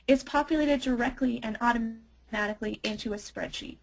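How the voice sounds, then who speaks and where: A woman working as a marketer, presenting a software demo in an enthusiastic, chatty way with frequent ums. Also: a little high, fairly quick, gravelly, few pauses, poor audio.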